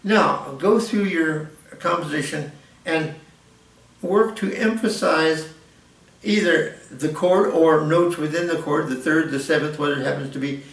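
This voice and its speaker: A man's voice: a little high, measured pace, gravelly. An older man giving a rambling, informal music lesson and correcting himself as he explains. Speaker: music teacher. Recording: echoey room, mic at a distance.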